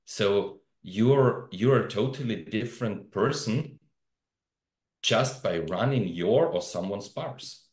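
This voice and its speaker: A man's voice: on the low side, animated, takes it slowly, reverberant. A man speaking as a guest in a casual conversation, earnestly enthusiastic about a practice he values.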